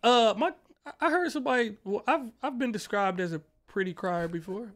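A man's voice: high voice, normal speed, fairly bright tone. A man hosting a podcast, chatting casually and playfully, often laughing. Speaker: podcast host. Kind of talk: casual chat.

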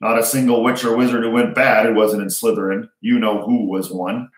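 A man's voice: lowish voice, flat delivery, a little fast, natural voice. A man voicing a big, kindly, folksy giant groundskeeper. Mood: bluff. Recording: roomy echo.

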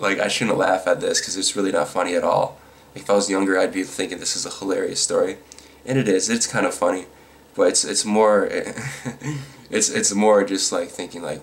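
A man giving casual, rambling commentary on news stories, irritated and quick to chuckle. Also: deep voice, steady tone, gravelly, a bit bright.

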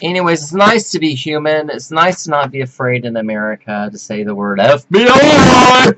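A man rambling theatrically to his webcam at home, whooping, giggling and flipping between shrill squeals and low mutters. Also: bright, forceful tone, slight background noise, rough recording. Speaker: performance artist vlogger. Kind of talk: rambling camp monologue to webcam.

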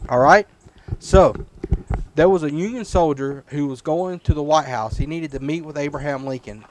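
A man's voice: fairly high pitch, a little mellow, poor audio. A man leads a children's Bible class as their preacher. He talks patiently and keeps checking that the kids follow. A faint hiss of noise sits under the recording. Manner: patient, checks in often with "right?" and "okay?". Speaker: preacher teaching children's Sunday school.

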